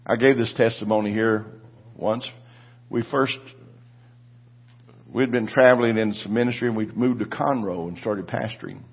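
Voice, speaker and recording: A pastor in his seventies telling a testimony in a sermon, his voice rising to shouted declarations. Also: on the low side, fairly even intonation, normal speed, long pauses, breathy edge, dull audio.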